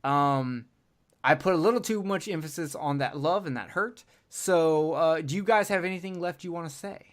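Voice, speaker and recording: Guy hosting a podcast, kinda high voice, rambly and crude, jokes around a lot. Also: moderate pace. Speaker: podcast host. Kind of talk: casual chat.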